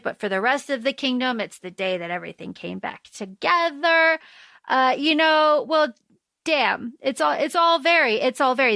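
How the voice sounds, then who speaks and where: Woman, podcast co-host, casual chat, animated, fairly high voice. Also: dry recording. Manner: animated, quick, acts out quotes. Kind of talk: casual book discussion.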